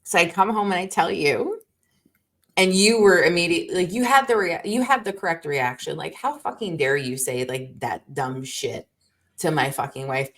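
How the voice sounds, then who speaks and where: A woman's voice: lowish voice, normal speed, a bit bright. A woman co-hosting a podcast in casual chat, blunt and swearing freely. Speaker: podcast co-host.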